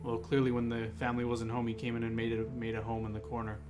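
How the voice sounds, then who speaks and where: A man's voice: mid-range voice, monotone, fast. A man playing a tabletop role-playing game, switching between his hero's lines and table talk. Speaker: player. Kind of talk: tabletop role-play, in and out of character. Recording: with background music.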